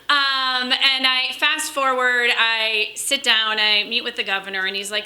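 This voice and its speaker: Bright-voiced woman giving a chatty speech. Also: fairly high pitch. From Western Wisconsin. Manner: chatty storytelling, quick asides. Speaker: political speaker. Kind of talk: convention speech.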